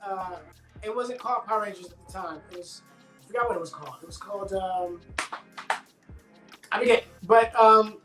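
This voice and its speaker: A middle-aged man talks as a guest in a relaxed, chatty interview. He acts out the dialogue of the people in his stories with plenty of energy. His voice rings in an echoey room over a video call, with faint music underneath. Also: sits high, moderate pace, pauses often. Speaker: actor guest. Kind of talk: casual interview storytelling.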